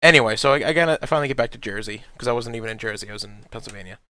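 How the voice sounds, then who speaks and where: A man's voice: mid-range voice, racing, bright, forceful tone, dry recording. A young man telling a rambling, profane anecdote in casual podcast chat. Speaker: podcast co-host.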